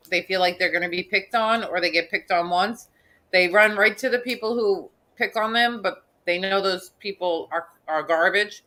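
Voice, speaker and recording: A woman's voice: medium pitch, pushed and bright. A woman hosting a casual live stream, ranting bluntly with frequent restarts.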